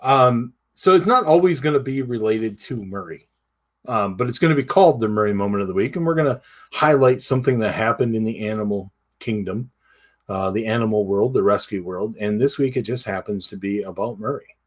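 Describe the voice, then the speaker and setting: Male podcast co-host, lowish voice, casual and halting, full of fillers. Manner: halting, many fillers and restarts. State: tearful. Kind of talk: casual chat.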